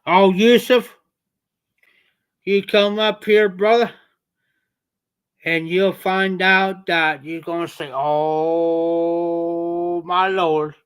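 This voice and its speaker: A man with a southern Ohio accent chatting casually on a livestream, slow and rambling in a folksy way. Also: high-pitched, fairly even intonation, a bit bright, smooth. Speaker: livestream host.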